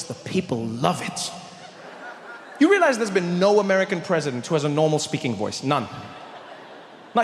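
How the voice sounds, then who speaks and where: A man doing stand-up comedy with a South African accent, animated, slipping into different voices and impressions. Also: high-pitched. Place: large venue with live audience. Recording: echoey hall, crowd noise.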